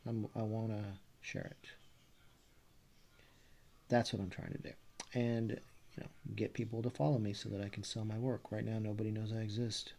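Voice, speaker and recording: Gravelly man with a Texas accent. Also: on the low side, level tone, moderate pace, pauses often, warm tone. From Texas, USA. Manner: meandering, self-correcting, musing aloud. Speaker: artist vlogger. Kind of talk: casual vlog talk.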